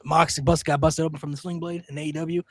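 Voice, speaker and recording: A man hosting a casual podcast, reading a list aloud with lots of "uh" fillers and excited outbursts. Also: a little high, fast talker, crowd noise. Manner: excitable, filler-heavy, many "uh"s. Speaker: podcast host.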